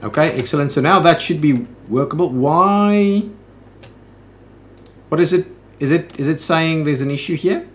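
A man's voice: fairly high pitch, fairly quick. A man hosting a let's play, thinking aloud in casual commentary with frequent "ooh"s and "um"s.

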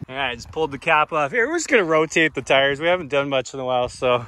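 A man's voice: on the high side, expressive, quick pace, bright, forceful tone. A man hosting a casual vlog outdoors, laughing and teasing his friend while they work on a truck. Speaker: host of an off-road vehicle channel. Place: outdoors at a rural property. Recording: outdoor noise with vehicle sounds.

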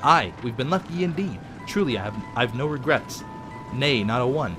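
A man's voice: medium pitch, expressive, normal speed, music in the background, close to an everyday voice. A man voicing a crew of ghostly male pirates with a growling, hammy drawl full of "arr". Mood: swaggering. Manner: hammy, playful over-acting.

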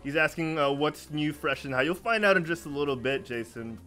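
Man, podcast host, casual chat, slightly high voice, faint music behind. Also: fairly quick, sharp tone. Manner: laid-back, laughs often.

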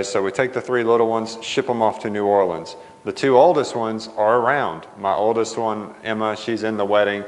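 Middle-aged pastor, fairly low voice, tells stories from the pulpit in a reverberant hall. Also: male voice. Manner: animated storyteller, quotes family dialogue. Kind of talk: sermon storytelling. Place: church sanctuary. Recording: long church reverb.

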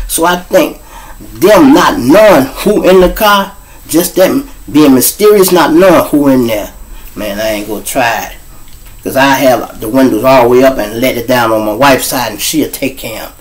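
In a rough recording, a medium-pitched middle-aged man from Chicago hosts his show as a storyteller. He delivers a street-story monologue animatedly, performing scenes with voices and sound effects.

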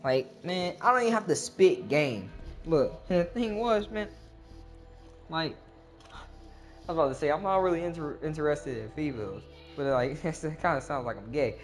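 A man's voice: animated, normal speed, faint music behind. Rambling slangy young man. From Gulfport, Mississippi, US South. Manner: slangy, rambling, keeps saying "bro"; hypes himself up, voice climbing loud and high. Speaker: storyteller. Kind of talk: casual comic storytelling monologue.

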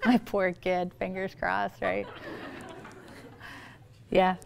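A middle-aged woman psychologist giving a playful, lively talk on parenting to an audience, with quick asides. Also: a little high, a crowd in the background, noisy background. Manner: playful, quick asides, acts out quoted voices.

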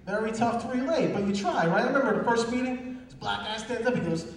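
High-voiced comedian in an echoey hall. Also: male voice, fast talker. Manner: animated storytelling, acting out people. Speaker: stand-up comedian. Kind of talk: stand-up comedy set. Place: live fundraiser stage before an audience. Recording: echoey distant room recording with crowd.

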